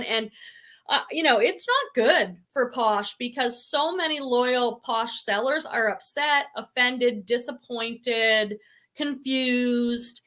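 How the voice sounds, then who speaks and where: Reading viewer comments out loud as she chats, a middle-aged woman hosts a relaxed live stream on reselling online for her channel. She speaks at a normal speed in a fairly high, sharp-toned voice.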